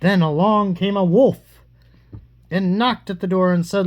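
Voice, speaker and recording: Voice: mid-range voice, unhurried. Playful adult reading a bedtime story. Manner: playful, teasing, lively storytelling. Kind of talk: reading a fairy tale aloud to a child.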